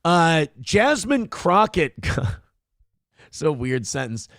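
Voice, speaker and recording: A man's voice: a little high, very animated, very slow, fairly bright tone, no room sound, studio quality. Crude, sarcastic male show host. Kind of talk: casual live-stream commentary.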